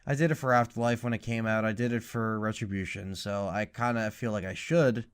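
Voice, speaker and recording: A young man co-hosting a casual podcast, talking in an animated, profane way and mocking lines as he retells scenes. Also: fairly low pitch, a little fast, clear, resonant tone. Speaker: podcast co-host.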